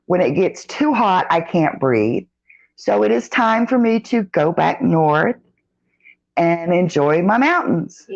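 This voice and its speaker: A middle-aged woman hosts a relaxed live stream, talking slowly with a gravelly, fry-tinged voice. She greets viewers by name in a folksy, rambling way, and the sound is dull and lo-fi, as if from a phone. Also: lowish voice. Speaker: vlogger reading live chat. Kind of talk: casual live-stream chat.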